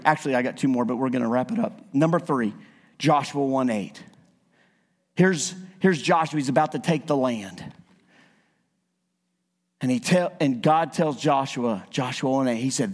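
A man preaching a sermon as a visiting evangelist, animated and acting out quotes in his stories. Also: mid-range voice, moderate pace, long pauses. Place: church. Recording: church sanctuary with long reverb.

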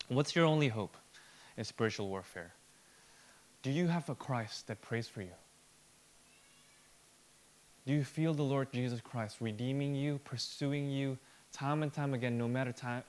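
A mid-range male voice belongs to a pastor giving an earnest, emphatic sermon. Moments of quiet, slow, near-whispered speech give way to rising emphasis.

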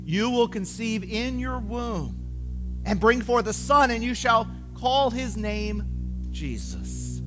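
A man voicing the angel Gabriel in a storybook reading, a heavenly messenger who speaks softly and soothingly and sometimes sings. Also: very high-pitched, lively intonation, takes it slowly, over music, exaggerated voice. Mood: solemn. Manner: hushed, soothing, at times sung.

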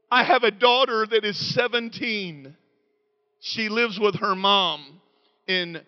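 A middle-aged man preaching a sermon in a church, moving between quiet confession and loud shouting. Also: sits high, muffled recording.

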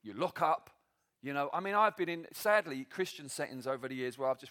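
Animated, high-pitched preacher. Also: male voice, brisk, few pauses. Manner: animated, self-deprecating, laughs often. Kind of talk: sermon. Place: church meeting.

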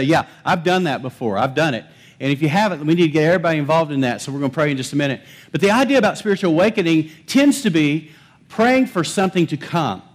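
Pastor, male, higher-pitched, chatty sermon delivery, quizzes the pews. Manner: conversational preaching, asks the congregation questions. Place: church sanctuary.

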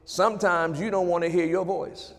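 A man preaching a sermon as pastor at an evening church service, rising into shouted praise and call-outs. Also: high voice, fairly even intonation, moderate pace, in a large hall.

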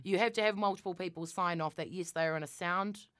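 A woman's voice: lowish voice, fast, a bit bright, smooth, dry recording, clean studio sound. A young woman co-hosting a podcast in casual chat, fiery and swearing a lot as she gets worked up. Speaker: podcast co-host.

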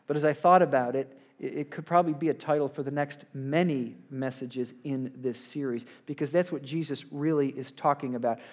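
A man preaching a sermon to a congregation in a church, getting louder and more forceful on the scripture he quotes and often checking in with "right?". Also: medium pitch, steady tone, brisk, hardly any pauses. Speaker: pastor. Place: church sanctuary before a congregation.

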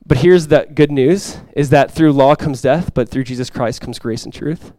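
A man's voice: medium pitch, moderate pace, no room sound. Man preaching a passionate sermon. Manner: impassioned preaching, swells loud for quoted cries then drops soft. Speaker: pastor. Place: church sanctuary before a congregation.

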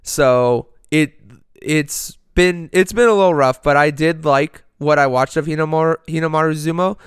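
A man's voice: on the high side, moderate pace, clear, resonant tone, no room sound, studio quality. A man co-hosting a podcast in casual chat, enthusiastic and rambling, swearing freely. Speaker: podcast co-host.

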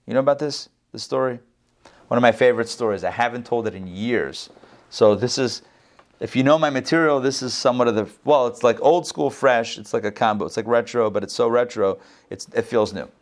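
A man's voice: medium pitch, a little fast. A middle-aged man giving a conversational Torah lesson. He jokes often, repeats words as he goes, and adds chatty asides. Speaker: rabbi teaching Torah class.

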